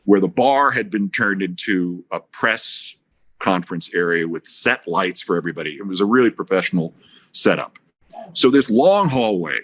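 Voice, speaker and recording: A man in his sixties, a broadcaster guest telling an anecdote in a podcast interview, acting out other people's voices with big jumps in pitch.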